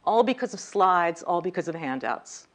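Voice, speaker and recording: A woman's voice: lowish voice, animated, normal speed. A woman leading a communication workshop, talking directly to her audience and stressing words to demonstrate her points. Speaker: communication coach. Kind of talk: workshop lecture. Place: lecture room.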